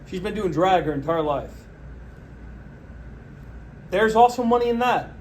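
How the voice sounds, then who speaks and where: A man's voice: unhurried, slight background noise. Sarcastic man ranting solo. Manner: sarcastic, mocking, deadpan pitching. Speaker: podcast host. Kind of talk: solo comedic political rant.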